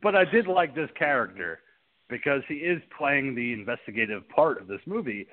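Male podcast host, lively pitch, casual swearing, thin phone-quality audio. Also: moderate pace. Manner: laughing often, acts out scenes in raised voices, swears freely. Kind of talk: casual film-review chat. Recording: tinny phone-like line.

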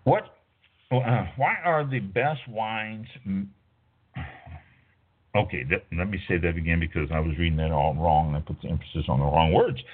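A man's voice: rumbling low, brisk, husky, phone-quality sound. A middle-aged man hosting a wine talk show, rambling casually with lots of fillers and stopping to correct himself. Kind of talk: casual talk radio monologue.

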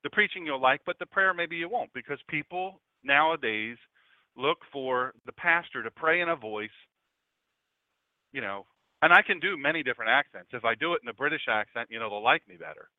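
A man's voice: a little high, lively intonation, fairly quick, dry recording. Middle-aged man, pastor, chatty radio sermon full of joking asides, dry and tinny phone-like sound. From Delaware, USA.

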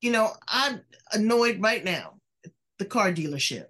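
A woman's voice: medium pitch, lively intonation, measured pace, fairly bright tone. An older woman hosting a talk show, chatting in a frank, folksy way with casual swearing. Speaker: host. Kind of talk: casual interview chat.

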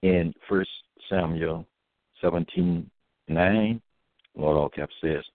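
Deep gravelly man reading scripture. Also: dry recording. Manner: halting, with many pauses and fillers; slow, solemn reading of verses. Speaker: religious podcaster. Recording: dry, tinny phone-like audio.

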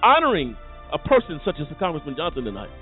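A man's voice: a little high, wildly swooping pitch, quick pace. Emphatic male talk show host. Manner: emphatic, repetitive, rambling. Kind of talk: casual talk show hosting. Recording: tinny phone-like audio with faint music.

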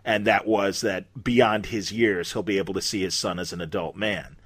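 A man's voice: lowish voice, fairly even intonation, normal speed, a bit bright, husky, no echo. A man hosting a casual podcast chat, talking with eager, chatty enthusiasm. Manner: chatty, enthusiastic fan talk. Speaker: podcast host.

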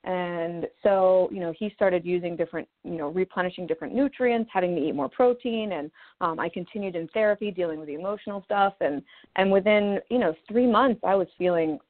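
A woman's voice: on the low side, fairly quick. A woman in her thirties from Maryland, a naturopathic doctor telling her own story in a chatty interview, acting out quotes as she goes. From Maryland, USA. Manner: chatty, with quoted asides and laughs. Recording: phone-line sound.

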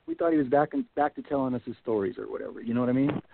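Speaking fast with vocal fry, a middle-aged man who researches Bigfoot spins a long, rambling story as a guest on a radio show, saying "you know" and "like" constantly. His medium-pitched voice arrives over a tinny phone line with a little hiss or hum.

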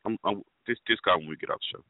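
A man's voice: low voice, rapid-fire, no room sound. A man co-hosting a casual podcast, asking incredulous questions in the banter. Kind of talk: casual chat. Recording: dry, phone-like narrow sound.

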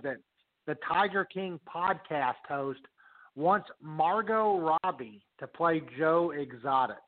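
Slightly high-voiced, this man co-hosts a podcast full of casual, profane banter, cursing freely and doing voices when he quotes people. The recording is dry and echo-free, with a narrow, telephone-like quality.

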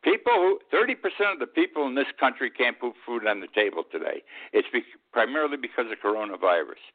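A man with a mid-range voice talks fast, his pitch swinging widely, as he hosts his own weekly radio talk show. He delivers a blunt, indignant opinion monologue. The audio is tinny and lo-fi, like a phone line.

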